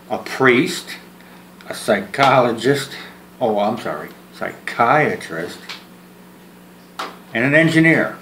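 On a one-sided phone call he's filming as a vlog, a man jokes around, wanders off track, restarts and repeats words, and makes fun of himself. His mid-range voice has a slightly bright quality. The room sounds spacious, with faint ambience and slight background noise.

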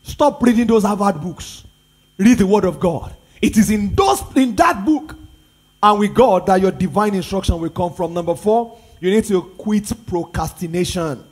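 A man's voice: high voice, animated, normal speed, a little mellow, slightly rough. A Nigerian pastor, a man, preaching a sermon with emphatic repetition and rhetorical questions.

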